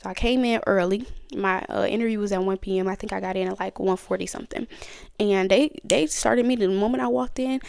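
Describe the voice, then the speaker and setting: A woman's voice: medium pitch, steady tone, brisk, gravelly, a little mellow, no echo. A woman hosting her own podcast, telling her story and teaching from the Bible in a chatty, conversational way. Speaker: podcast host. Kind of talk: casual testimony and Bible study talk.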